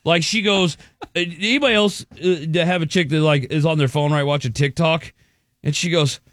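A man's voice: high-pitched, normal speed, long pauses, a bit bright, no echo. Blunt, crude co-host in his thirties. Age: 30s. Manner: blunt, crude, complaining, mocking impressions. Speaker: radio co-host. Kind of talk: casual radio banter. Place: radio studio.

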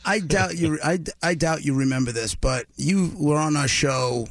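A man's voice: fairly high pitch, moderate pace, gravelly, no echo. A man co-hosting a morning radio show, chatty and enthusiastic, stumbling over restarts. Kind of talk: casual radio chat.

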